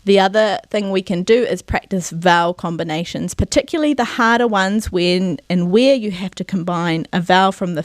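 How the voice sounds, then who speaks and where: A woman teaches pronunciation on television, stretching and shaping each vowel with care. Her voice sits at a middling pitch and is recorded close and dry. She keeps checking in with her viewers and urging them on as she goes. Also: no echo. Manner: slow, careful enunciation of vowel sounds; encouraging, asks "yeah?" to check in. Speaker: Māori language presenter.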